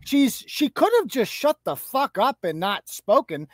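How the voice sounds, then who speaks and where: A woman's voice: a little high, sing-song, a little slow, no echo. A woman co-hosting a live talk show, giving heated, profane and mocking commentary. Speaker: co-host.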